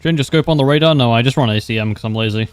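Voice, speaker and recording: A man's voice: mid-range voice, very fast, clean tone, dry recording. A young man livestreaming a game, chatting casually with wry humor, laughing often and answering viewers' questions. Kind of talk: casual gameplay commentary.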